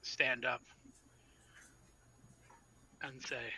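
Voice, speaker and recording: A man narrating as storyteller in a tabletop role-playing game, describing scenes in a measured way. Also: mid-range voice, sharp tone, low-quality recording.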